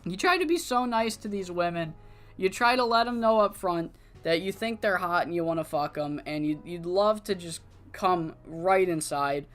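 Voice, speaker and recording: A sleazy male wrestler whines in self-pity about how nice he is, as a streamer puts him on. His voice sits in a medium pitch. Soft music plays underneath. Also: expressive, normal speed, lightly acted. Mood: whiny. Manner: whiny, self-pitying. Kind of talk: improvised wrestling promo while streaming.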